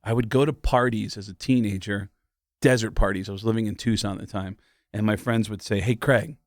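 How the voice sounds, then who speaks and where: A man's voice: fairly low pitch, steady tone, fairly quick, a little mellow, dry recording, studio quality. A middle-aged man, a comedian and impressionist, telling stories in a loose, casual way with plenty of fillers. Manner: loose storytelling with frequent fillers and laughs. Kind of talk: casual interview chat.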